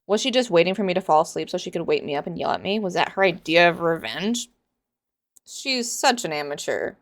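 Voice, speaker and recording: A woman's voice: lowish voice, expressive, brisk. A woman in her twenties giving casual, sarcastic commentary in a book reaction vlog, rambling and exasperated.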